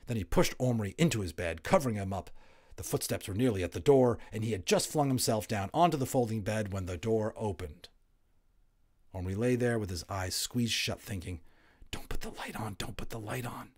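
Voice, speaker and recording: Deep-voiced man reading a storybook aloud. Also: a little fast. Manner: expressive, builds tension, drops to hushed tones. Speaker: audiobook narrator. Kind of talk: storybook read-aloud narration.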